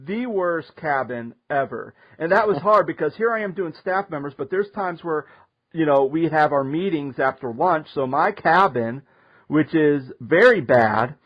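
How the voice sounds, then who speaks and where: A man hosting a casual talk show, telling a story in an animated way and laughing often. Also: on the high side, a little slow. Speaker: podcast host. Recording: muffled lo-fi audio.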